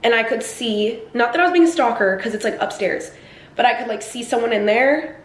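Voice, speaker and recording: A woman's voice: fairly high pitch, fairly quick. A young woman in her twenties from New Jersey, chatting to the camera in a rambling vlog style and saying "like" often. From New Jersey, USA. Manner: chatty, rambling, heavy use of "like". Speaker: vlogger. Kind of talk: casual vlog chat to camera.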